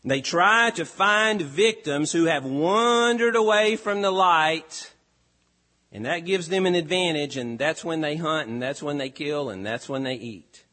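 A man preaching a sermon to his congregation, his voice sitting a little higher than most men's. He delivers it earnestly and with emphasis, rising on key phrases and dropping low on others. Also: measured pace, sharp tone. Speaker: pastor.

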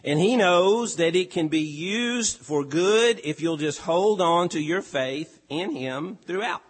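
A male pastor delivering a sermon, slow and emphatic with deliberate pauses. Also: sits high, expressive, slightly rough, in a large hall.

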